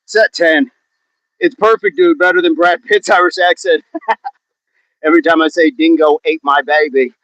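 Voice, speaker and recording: A man's voice: high-pitched, fairly even intonation, moderate pace, long pauses, a bit bright, no echo, low-quality recording. A man hosting a live workout stream outdoors, counting reps aloud and joking with the chat. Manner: jokey, laughs often, counts reps aloud. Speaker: fitness livestream host.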